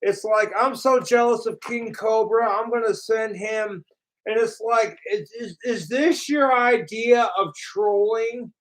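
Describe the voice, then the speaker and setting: A man ranting on a live stream from his apartment, his voice sitting high for a man. He drags his words out slowly, swearing constantly and mocking others as he rambles along. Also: a bit bright. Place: home apartment.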